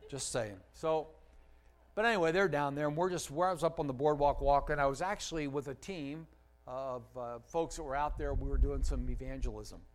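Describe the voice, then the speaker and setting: A man preaching to his congregation, his voice a bit higher than most men's. He tells stories with animated energy, climbing loud for emphasis, then falling quiet and slow for the reflective moments, and stops to ask the room questions. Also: low-quality recording. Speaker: pastor. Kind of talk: sermon storytelling.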